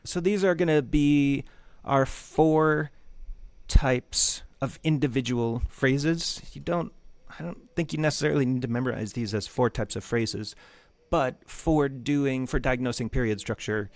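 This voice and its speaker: Relaxed man teaching music theory. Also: mid-range voice, unhurried, dry recording. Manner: loose, conversational, jokey asides. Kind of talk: casual lecture.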